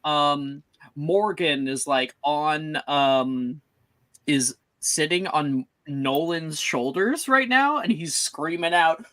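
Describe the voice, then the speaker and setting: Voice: medium pitch, slow, fairly bright tone, dry recording. A game master narrating a tabletop role-playing scene with lots of fillers. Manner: rambling, many fillers.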